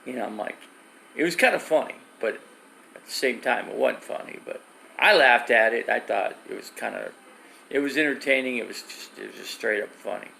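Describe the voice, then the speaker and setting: A man's voice: mid-range voice, expressive, a little fast, vocal fry, bright, forceful tone, a little hiss or hum, poor audio. A middle-aged man live streaming from his phone, rambling through stories and reading viewer comments. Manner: rambling storyteller with restarts, reads viewer comments.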